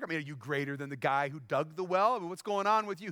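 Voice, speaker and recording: A man's voice: fairly high pitch, fast, sharp tone, no room sound, clean studio sound. A man preaching a sermon in a conversational way, often asking the congregation questions. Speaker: pastor.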